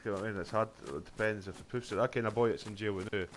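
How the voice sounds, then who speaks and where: A man's voice: on the low side, steady tone, racing, a little hiss or hum. A Scottish man streaming a game, chatting casually in a rambling, sweary way full of fillers. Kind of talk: casual chat while gaming.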